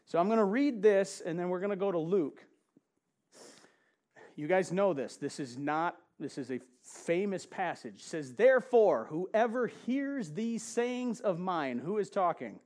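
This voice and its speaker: A man with a fairly high voice delivers a sermon in a church. He talks in a relaxed, conversational way, tossing questions to the congregation and laughing along with them. When he reads scripture he slows down and leans on the key words. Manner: reads scripture slowly with emphasis. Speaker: preacher. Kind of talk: sermon with audience interaction.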